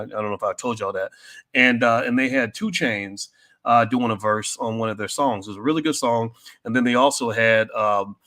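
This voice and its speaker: A man hosting a commentary show, talking bluntly and directly to his audience, with many restarts and loud, high-pitched outbursts when worked up. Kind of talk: opinionated commentary to an online audience.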